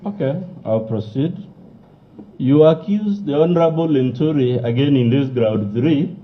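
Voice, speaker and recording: Firm lawyer cross-examining. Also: male voice, medium pitch, lively intonation, a little slow, highs cut off. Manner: firm, controlling, clipped questions.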